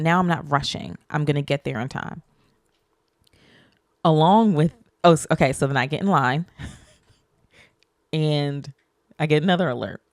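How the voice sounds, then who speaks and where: A woman's voice: dry recording, studio quality. A woman podcast host telling a personal story in casual chat, acting out the people she quotes with sudden jumps in her voice. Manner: animated, acts out quoted people with pitch jumps.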